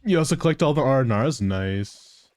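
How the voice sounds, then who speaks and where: A man's voice: medium pitch, lively intonation, moderate pace, a little mellow, dry recording. A man streaming a game live, chatting casually to viewers with plenty of swearing, teasing and laughter. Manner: profane, teasing, laughs often. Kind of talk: casual live gameplay commentary.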